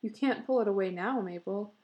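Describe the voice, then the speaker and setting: A woman reading the part of a pushy, excitable bearded husband, talking in a boisterous, insistent way. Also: medium pitch, a little fast, muffled recording, natural voice. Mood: coaxing.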